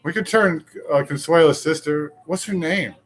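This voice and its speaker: A man's voice: a little high, moderate pace. A man co-hosting a live show, joking and rambling in casual banter while talking to viewers. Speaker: co-host.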